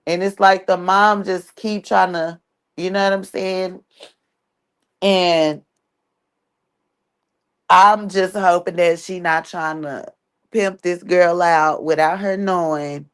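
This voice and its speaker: This is a woman with a fairly low-pitched voice, talking casually to a livestream audience. Her delivery is blunt and exasperated, and she swears freely as she talks. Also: measured pace. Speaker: streamer commenting on an online family.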